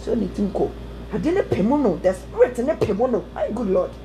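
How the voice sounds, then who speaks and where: Animated woman preaching. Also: fairly high pitch, a little fast, slight background noise, poor audio. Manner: animated, exclaiming, breaks into song. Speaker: prophetess preacher. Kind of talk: sermon testimony mixing Twi and English.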